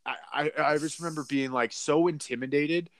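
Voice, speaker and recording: A man's voice: fairly high pitch, a little fast, dry recording, clean studio sound. A young man co-hosting a podcast, telling a story in a rambling way with lots of fillers and laughs. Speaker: podcast co-host. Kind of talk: casual chat.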